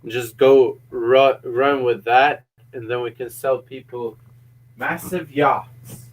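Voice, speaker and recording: A man's voice: medium pitch, steady tone, takes it slowly, low-quality recording. A man co-hosting a casual stream, rambling and joking through his ideas. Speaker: co-host.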